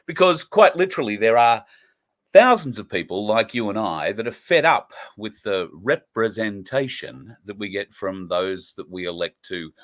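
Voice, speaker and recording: A man's voice: fairly low pitch, animated, normal speed, fairly bright tone. A middle-aged man with an Australian accent hosting an earnest political commentary show, talking emphatically with frequent fillers. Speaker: host.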